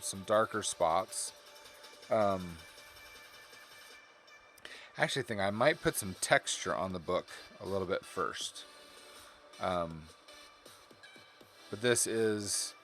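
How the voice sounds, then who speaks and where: A man's voice: fairly low pitch, expressive, a little slow, long pauses, a bit bright, faint music behind. A man casually talking through his digital coloring on a live stream, tired and rambling, often correcting himself. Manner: rambling, self-correcting, chatty. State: tired, yawning. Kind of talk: casual live-stream commentary while drawing.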